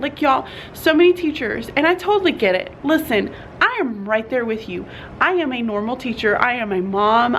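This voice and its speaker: A woman's voice: fairly high pitch, a bit bright, a little hiss or hum. A woman teacher vlogging in her classroom in the morning, chatty and earnest, tired and yawning, saying y'all and laughing often. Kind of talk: casual morning vlog.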